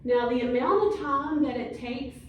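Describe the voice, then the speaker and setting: This high-sitting female voice keeps a normal speed over slight background noise, recorded in a room with noticeable echo. She teaches science one-on-one, coaxing the student to repeat her words and praising their efforts.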